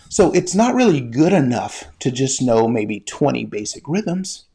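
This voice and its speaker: Animated man teaching through a story. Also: a little high, breathy edge. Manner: addresses the listener directly, guided imagery; animated, conversational. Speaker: medical educator and former flight paramedic. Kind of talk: storytelling lesson.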